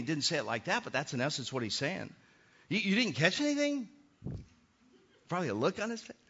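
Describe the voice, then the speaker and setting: A middle-aged man preaching a sermon as pastor, animated and acting out the voices he quotes. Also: a little high, slightly rough. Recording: muffled lo-fi sermon recording.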